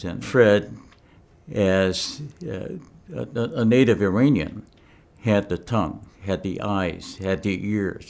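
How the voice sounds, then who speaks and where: A man's voice: deep voice, a little mellow. A man in an interview steadily recounting mission planning. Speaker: interviewee, former officer.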